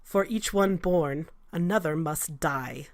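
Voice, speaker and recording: A woman voicing a stern, accusing female elf midwife who scolds in a cold, hushed way. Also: low voice, slow, no room sound, clean studio sound. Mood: cold scolding. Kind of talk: tabletop role-play.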